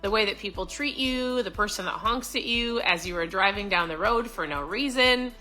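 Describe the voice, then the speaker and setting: A woman's voice: mid-range voice, normal speed, bright, forceful tone, soft background music, low-quality recording. A middle-aged woman giving a casual, upbeat motivational talk to camera, chatty with lots of fillers and restarts. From Florida. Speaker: vlogger.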